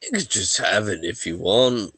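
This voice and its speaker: A man's voice: lowish voice, moderate pace, a bit bright, slightly rough, no room sound. A man voicing a humble, easygoing male merchant in a tabletop game, rambling with fillers. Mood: friendly. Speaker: game master voicing a character. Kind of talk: tabletop role-play.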